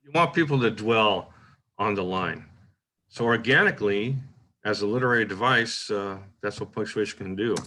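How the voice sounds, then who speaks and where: A man hosting a poetry workshop, giving a relaxed, informal lecture and reading the same example line aloud in different ways. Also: lowish voice, normal speed. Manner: relaxed, thinking aloud with frequent "uh" and "right?".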